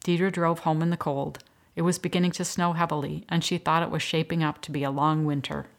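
Female audiobook narrator, low and even, scripted read. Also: a little fast, creaky.

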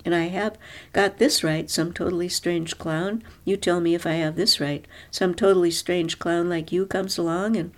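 A woman voicing a bold, sharp-tongued woman who snaps orders and turns lilting and mock-innocent when she needs to. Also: on the low side, steady tone, normal speed, close to an everyday voice. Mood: mock-sweet.

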